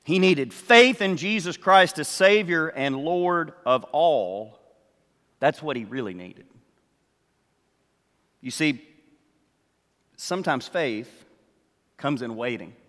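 An older man preaching a sermon, telling the story slowly and acting out what the characters say. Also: fairly high pitch, lively intonation, a bit bright, long reverb tail. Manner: slow storytelling, acts out the characters' words. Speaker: pastor.

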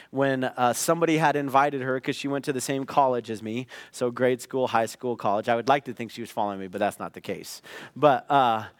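A middle-aged man preaching a sermon, telling a personal story in a conversational way that rises into loud acted outbursts. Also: medium pitch, clean tone, dry recording. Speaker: pastor.

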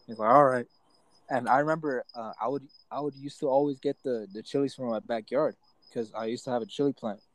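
A man's voice: mid-range voice, fast, a little mellow, dry recording, rough recording. A young man casually telling a school story among friends, full of slang and swearing. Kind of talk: casual chat.

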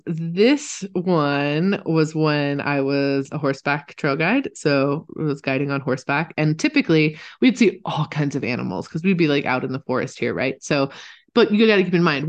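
A woman co-hosting a podcast, telling stories in a lively, casual way and swearing freely. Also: low voice. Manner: animated, chatty, swears casually, laughs often. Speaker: podcast co-host. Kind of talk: casual storytelling chat.

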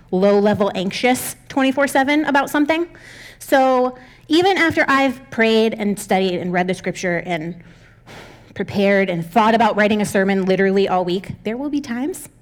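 Candid, laughing woman pastor. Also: on the high side. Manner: candid, self-deprecating, laughs often. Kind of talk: conversational sermon.

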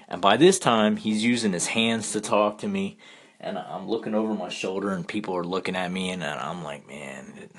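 A man's voice: on the low side, a little fast, a bit bright, breathy edge. A man casually telling a rambling personal story, full of restarts and fillers. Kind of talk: casual anecdote.

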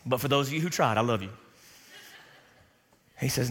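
A man's voice: mid-range voice, fast talker, pauses often, a bit bright, in a large hall. A man preaching a sermon to a congregation, emphatic and calling out for responses. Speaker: pastor.

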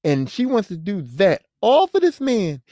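A podcast host ranting about a movie in a casual, profane, animated way, full of rhetorical questions. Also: medium pitch, unhurried, no room sound, clean studio sound.

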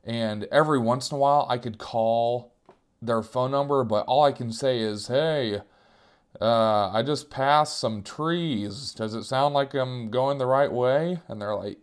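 A man telling a comic story about himself, animated and self-mocking, sometimes jumping into higher voices to act out what people said. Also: a little slow, clear, resonant tone. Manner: self-mocking, animated, jumps into squeaky voices for quoted cries.

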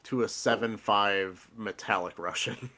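A man's voice: fairly low pitch, unhurried, bright, forceful tone. A man co-hosting a podcast in casual chat, rambling with restarts and laughing often. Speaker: podcast co-host.

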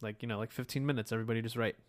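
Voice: medium pitch, fairly even intonation, racing. A podcast co-host in laid-back, jokey casual chat, often tossing in casual slang. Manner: laid-back, jokey, says man a lot.

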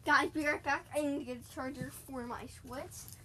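A woman chatting casually while she plays a video game, excitable and talking straight to her listeners. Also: high-pitched, moderate pace, noisy background. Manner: chatty and excitable, keeps addressing "guys". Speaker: gaming podcaster. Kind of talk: casual gaming commentary.

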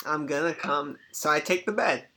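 A man's voice: fairly high pitch, moderate pace, pushed and bright. A young man chatting on a phone call with his grandmother, joking and rambling.

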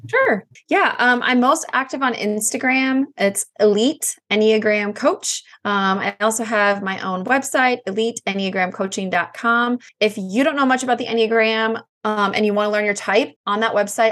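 A woman in her thirties, an Enneagram coach, chatting as a podcast guest and telling animated stories with laughter. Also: medium pitch. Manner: warm, animated storytelling with laughs. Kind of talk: casual interview chat.

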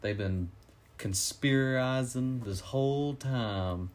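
A man's voice: medium pitch, slow. Man animatedly retelling a movie plot. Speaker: co-host reviewing a movie. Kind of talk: casual chat.

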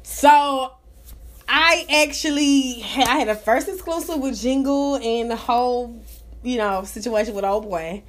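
A woman hosting her own live talk show, chatting casually in an animated, profane, gossipy way. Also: a little high, measured pace. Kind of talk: casual chat.

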